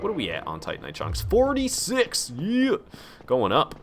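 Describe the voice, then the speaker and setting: A man's voice: fairly high pitch, huge pitch swings, normal speed, fairly bright tone, slight background noise. A young man streaming a video game at home, rambling casually and reading chat messages aloud.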